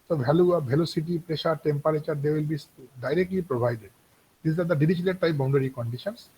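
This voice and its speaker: A man's voice: a little high, warm tone, a little hiss or hum, poor audio. A man giving a university engineering lecture, repeating points and checking in with "okay" often.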